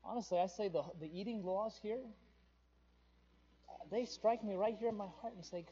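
A male pastor preaching a sermon with passion, his voice surging louder on the emphatic points. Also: sits high, normal speed, pauses often, husky, dull audio.

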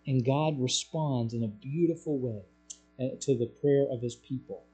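A man preaching a sermon as pastor, growing loud and emphatic on key points. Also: moderate pace. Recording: low mains hum.

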